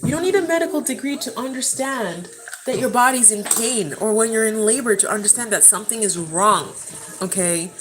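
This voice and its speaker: A woman's voice: a little high, brisk, noisy background. A woman vlogger telling a personal story to camera at home in a casual, passionate and emotional way, often calling her viewers "guys.". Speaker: vlogger answering viewer questions.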